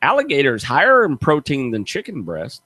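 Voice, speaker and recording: Middle-aged male radio host, animated folksy storyteller, very expressive pitch, dry close sound. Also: fairly quick, dry recording. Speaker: radio show host, gator hunter. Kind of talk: casual radio chat, storytelling.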